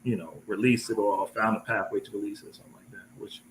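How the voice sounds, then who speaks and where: A man's voice: fairly low pitch, fairly even intonation, quick pace, a little hiss or hum, rough recording. A man co-hosting a live online talk show, rambling casually and restarting his sentences often. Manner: rambling, full of restarts and fillers. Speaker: co-host. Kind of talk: casual live-stream chat.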